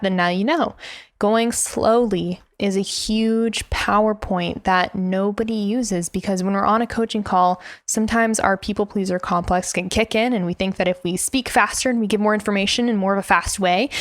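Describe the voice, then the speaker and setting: A woman's voice: medium pitch, no room sound, clean studio sound. A woman hosting a business coaching podcast, talking directly and emphatically and laughing now and then as she teaches. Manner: direct and emphatic, laughs often, demonstrates tone by example. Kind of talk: instructional podcast talk.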